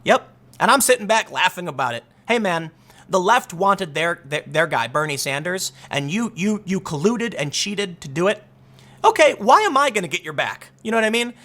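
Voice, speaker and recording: A man giving solo political commentary in an animated, sarcastic way, rambling with frequent restarts. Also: high-pitched, moderate pace.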